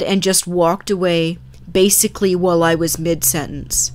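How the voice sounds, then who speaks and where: A woman narrating scary stories in a calm, measured reading. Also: on the low side.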